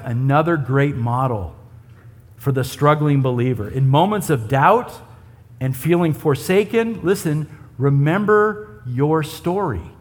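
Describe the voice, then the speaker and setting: A man preaches a sermon in a rather high voice, talking to his congregation as if in conversation. He keeps checking in with rhetorical questions. His voice rings out with the long reverb of a church hall. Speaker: pastor.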